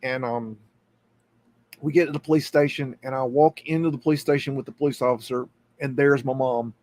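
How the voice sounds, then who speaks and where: A middle-aged man hosts a live stream, telling a personal story in a halting, earnest way while pointing things out on an on-screen map. He keeps restarting and repeating words. His voice is mid-range and darkish in tone, with fairly even intonation.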